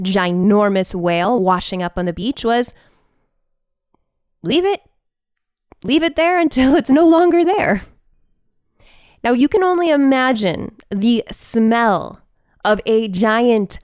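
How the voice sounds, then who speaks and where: Animated woman podcast host telling a story. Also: medium pitch, no room sound. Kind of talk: personal storytelling.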